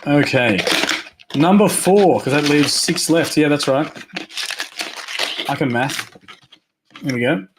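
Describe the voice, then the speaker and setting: A man hosting a live trading card break, rattling off names quickly and upbeat, his voice going hoarse. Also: on the high side, noisy background. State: losing his voice.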